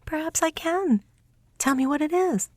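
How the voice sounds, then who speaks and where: A woman's voice: sits high, normal speed, no echo, studio quality, pitched above the performer's own voice, close to an everyday voice. A woman reading aloud and voicing a sweet little female mouse princess who talks in an eager, coaxing way.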